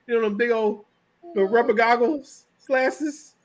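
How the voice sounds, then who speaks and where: A man's voice: very high-pitched, unhurried. A middle-aged man chatting casually on a video call, rambling, joking and laid-back.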